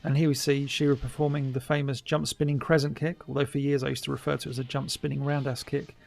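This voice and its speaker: A man's voice: medium pitch, flat delivery, fast talker, gravelly, darkish tone, faint music behind. A middle-aged man giving a casual, chatty commentary over an old cartoon, wry and mock-dismissive. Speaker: commentary host.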